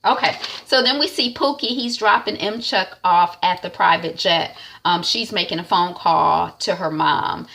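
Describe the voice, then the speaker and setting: Chatty woman with a gravelly voice. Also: on the low side, measured pace, few pauses, bright, forceful tone. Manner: chatty, many fillers. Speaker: TV recap vlogger. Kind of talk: casual episode recap.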